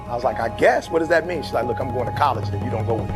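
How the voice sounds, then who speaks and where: A man's voice: mid-range voice, animated, racing. A middle-aged man from Detroit, giving a fiery, slangy motivational speech full of stories. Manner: fiery, preachy, slangy storytelling. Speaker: motivational speaker. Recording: faint music underneath.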